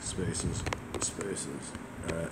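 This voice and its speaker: A man's voice: sits low, flat delivery, extremely slow. A man casually checking a reading against the text, making brief, matter-of-fact corrections. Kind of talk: casual working chat. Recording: noisy background hiss.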